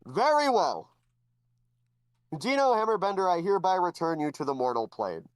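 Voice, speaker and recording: A man doing a lofty, booming head god. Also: big pitch swings, moderate pace. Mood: solemn. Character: booming male head god, formal and ceremonial.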